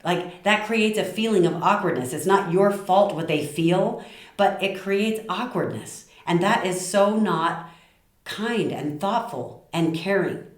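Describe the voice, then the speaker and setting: A middle-aged woman giving tips on communication, passionate and lively, acting out short quoted lines. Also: medium pitch, a little slow, echoey room. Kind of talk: talk to camera.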